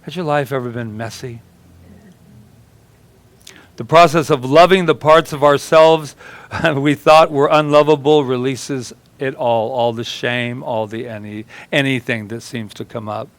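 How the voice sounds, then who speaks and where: A man's voice: medium pitch, steady tone, unhurried, no room sound. Storytelling man giving a sermon, dry sound. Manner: storytelling, acts out quoted voices; chatty, laughs with congregation. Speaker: minister.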